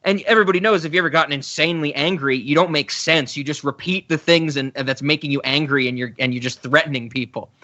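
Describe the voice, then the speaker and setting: A man's voice: a little high, quick pace, few pauses, pushed and bright. A man co-hosting a film podcast in casual chat, laughing often and rambling through asides. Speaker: podcast co-host.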